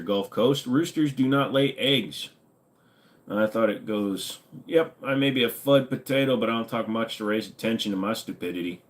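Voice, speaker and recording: A man's voice: on the low side, moderate pace. A man hosting a stream, chatting casually and joking as he reads viewer comments. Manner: joking, laid-back, rambling. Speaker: streamer host.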